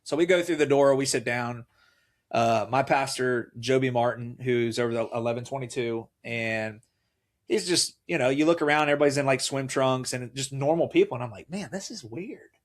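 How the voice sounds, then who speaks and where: Animated man telling his story. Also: medium pitch, brisk. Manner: animated, acts out quoted voices. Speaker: podcast guest. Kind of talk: casual storytelling conversation.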